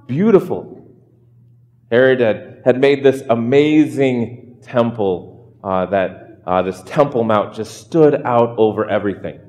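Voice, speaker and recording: A man's voice: mid-range voice, a little mellow, in a large hall. A man, a pastor, giving a conversational sermon in a chatty way, often asking the listeners rhetorical questions.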